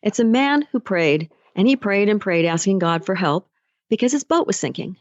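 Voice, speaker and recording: A woman's voice: mid-range voice, animated, moderate pace, dry recording, dull audio. A woman life coach hosting a motivational podcast, speaking conversationally and telling stories. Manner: conversational, storytelling. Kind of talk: motivational solo podcast talk.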